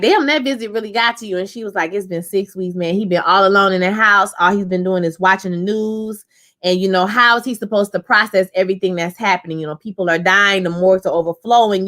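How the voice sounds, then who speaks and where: Young woman reviewer, sassy casual recap chat, bright and punchy. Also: a little fast. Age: young adult. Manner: sassy, animated, slangy, breaks into high exclaims. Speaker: show reviewer.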